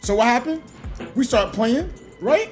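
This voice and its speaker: A man chatting casually on a gaming live stream, telling stories in an animated way and laughing often. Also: very high voice, unhurried, soft background music. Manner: animated storytelling with frequent laughs.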